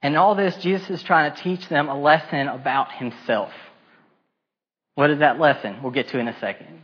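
A man's voice: mid-range voice, moderate pace, breathy edge, dull audio. A man preaching a sermon, retelling a Bible story with casual asides and acting out the voices of the people in it. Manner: animated storytelling, acting out the disciples' complaints; casual modern asides and repetition.

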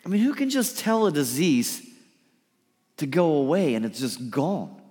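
A man's voice: a little high, a little slow. Guy preaching a sermon, voice jumps all over, big echoey hall. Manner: lively preaching, acts out pleading quotes softly. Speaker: pastor. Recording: reverberant hall.

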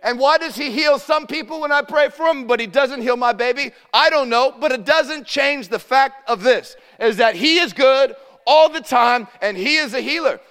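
A man preaching with fervor, his voice notably high and ringing clean. He rises to shouts and drops to near-hushed tones. The sound carries with a long reverberation, as in a church hall. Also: normal speed, hardly any pauses, clear, resonant tone. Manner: impassioned preaching, shouting at peaks and dropping to a hushed tone. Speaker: pastor. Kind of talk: sermon.

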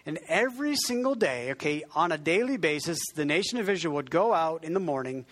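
A man's voice: on the high side, lively intonation, brisk, fairly bright tone. A man preaching a conversational sermon as pastor, often restarting his sentences and joking about himself. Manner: conversational, self-deprecating, frequent restarts; has the congregation repeat words.

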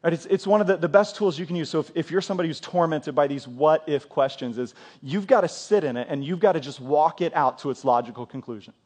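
A man's voice: fairly high pitch, quick pace, few pauses, darkish tone. A middle-aged man preaching a sermon in a church, conversational, often repeating words and asking the congregation questions. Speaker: pastor.

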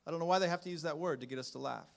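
Preaching at a racing pace in a gravelly voice, this male pastor trades jokes with his congregation. His delivery lurches from quiet asides to loud, emphatic declarations.

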